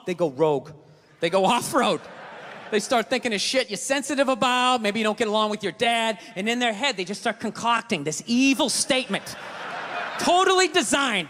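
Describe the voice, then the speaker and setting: A man with a Boston accent doing a profane stand-up rant, bursting into shouts, on a stage mic. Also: extremely high pitch, slight background noise. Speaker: stand-up comedian. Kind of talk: stand-up routine. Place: large theater stage with audience. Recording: live hall with crowd laughter.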